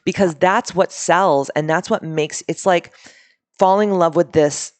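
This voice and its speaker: A woman in her thirties, a podcast guest in a studio, talking in a casual, animated way and telling stories with emphasis. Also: on the low side, unhurried, dry recording. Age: 30s. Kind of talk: casual chat.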